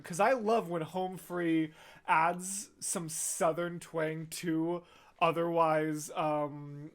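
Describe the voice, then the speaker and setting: Male reaction host, excitable and chatty, breaks down vocals, sings bits in falsetto. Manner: gushing, talkative, breaks into sung snippets and falsetto. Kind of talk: excited musical reaction and analysis.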